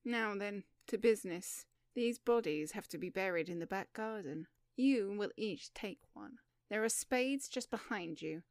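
A woman's voice: medium pitch, expressive, unhurried, hardly any pauses, no echo, clean studio sound. A woman voicing a harsh, ruthless female captor in an audiobook, giving curt, commanding orders. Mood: curt, menacing. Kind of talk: audiobook reading.

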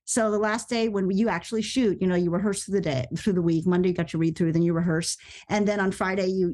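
A woman and actor recounting a story in casual podcast chat, animated and quick to voice her own incredulous reactions. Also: medium pitch. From United States.

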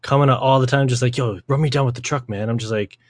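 A man's voice: medium pitch, fairly even intonation, fast talker, no echo, clean studio sound. A young man hosting a podcast, talking in a rambling, slangy way, swearing and saying "like" constantly. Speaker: podcast host. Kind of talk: casual podcast chat.

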